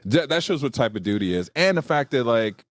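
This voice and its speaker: A man, an entertainment journalist, telling an animated story on a podcast and acting out what people said. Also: mid-range voice, a little fast, no room sound. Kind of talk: storytelling anecdote in a podcast interview. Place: studio.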